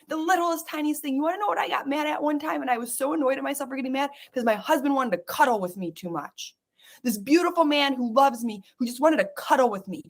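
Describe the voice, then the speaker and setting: High-voiced woman urging listeners on. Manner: urgent, coaxing, repetitive commands. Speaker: podcast host guiding listeners. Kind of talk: guided emotional exercise.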